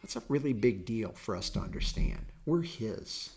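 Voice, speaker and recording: A middle-aged man leads a Bible class in a relaxed, earnest tone. His voice sits at an ordinary mid pitch, and he slips into folksy, animated stories to make his points. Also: moderate pace. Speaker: Bible study teacher. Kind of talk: conversational Bible teaching.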